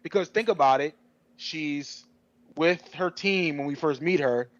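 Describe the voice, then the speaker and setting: A man co-hosting a podcast in casual discussion, animated and rambling with many restarts. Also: fairly high pitch, unhurried, no room sound, lo-fi sound. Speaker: podcast co-host.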